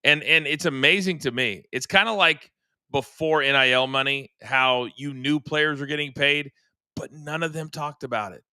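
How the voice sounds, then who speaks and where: A man's voice: a little high, moderate pace, smooth, dry recording, studio quality. A middle-aged man hosting a sports podcast, telling stories animatedly and acting out quotes. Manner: animated storyteller, acts out quotes. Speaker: podcast host. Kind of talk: casual sports chat.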